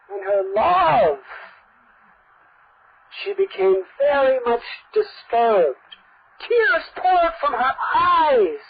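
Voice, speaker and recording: A woman tells a devotional story with vivid, emphatic narration. Her voice is high and her pace unhurried. The recording is dull and lo-fi. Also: very animated, a crowd in the background.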